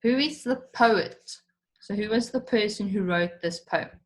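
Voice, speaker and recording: Slow, patient woman teaching a lesson. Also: medium pitch. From South Africa. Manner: patient, explains step by step, repeats questions. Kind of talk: recorded online lesson for children.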